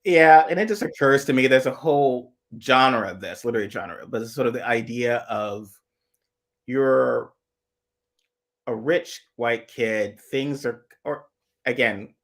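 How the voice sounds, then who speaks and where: Speaking at a measured pace in a mid-range voice, a man co-hosts a casual live chat. His manner is rambling and analytical, full of long asides worked out aloud and frequent restarts.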